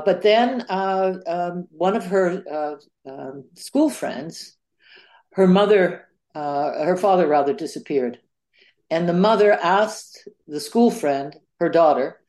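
An older woman historian answering interview questions on a podcast, speaking in halting sentences full of fillers and restarts. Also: lowish voice, warm tone. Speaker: author and historian guest.

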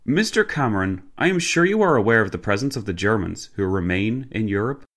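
A man's voice: on the low side, big pitch swings, fairly quick, fairly bright tone, full character voice. A man voicing an indignant, condescending statesman in a story reading.

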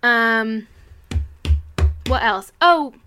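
A woman's voice: fairly high pitch, very slow, bright, forceful tone, faint music behind. A young woman co-hosting a podcast in casual chat, rambling with lots of fillers. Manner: chatty, rambling with many fillers. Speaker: podcast co-host.

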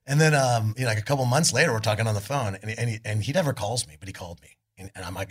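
A middle-aged man from California, a guest musician telling laid-back, animated stories at a live podcast show, acting out what others said. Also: lowish voice, rapid-fire, hardly any pauses, breathy edge. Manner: laid-back, animated storytelling with voices for quotes. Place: arts club on stage before an audience.

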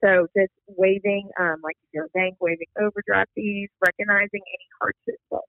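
High-voiced man over a tinny phone line. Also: flat delivery, brisk, no room sound. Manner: reads points aloud, frequent um fillers. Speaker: podcast co-host. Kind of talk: casual business chat.

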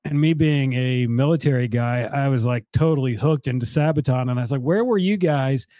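A man's voice: mid-range voice, steady tone, brisk, mellow, dry recording. A man interviewing a band member, asking questions in a friendly, conversational way.

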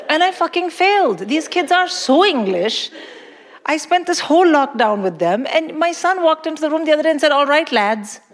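A woman's voice: sits high, noisy background. A woman in her forties from India doing a stand-up comedy set, with a brash, emphatic, mock-indignant delivery. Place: large concert hall with live audience. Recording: hall reverb, audience laughter.

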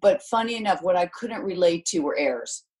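A woman's voice: fairly low pitch, fairly quick, poor audio. A woman in her sixties, a former athlete and sports commentator, telling stories in a casual interview and acting out quotes. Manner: animated storytelling, acts out quotes in other voices. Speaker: guest, former tennis champion and commentator.

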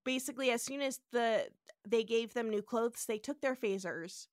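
A woman's voice: on the high side, moderate pace, no room sound, studio quality. A woman co-hosting a podcast, casually recapping an episode and acting out quotes with animation. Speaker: podcast co-host.

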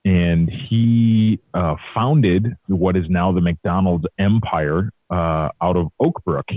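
A man from the Chicago area rambles through a local story with plenty of fillers. His voice is very low and comes over a thin, phone-like line. The sound is dry and close. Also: slow, dry recording. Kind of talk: casual chat. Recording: tinny phone-like remote line.

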